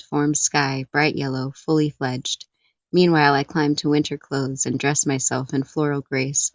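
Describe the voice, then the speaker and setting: A woman with a very low voice reads a poem aloud as co-host of an online open mic. The video-call sound is dry and a little dull. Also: no room sound. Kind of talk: reading poetry aloud.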